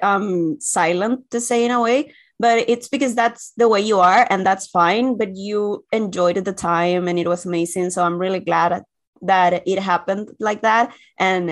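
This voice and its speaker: A woman co-hosts a casual chat, speaking in a warm, reassuring way. She giggles often as she talks. Her voice sits at a middle pitch. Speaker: podcast co-host.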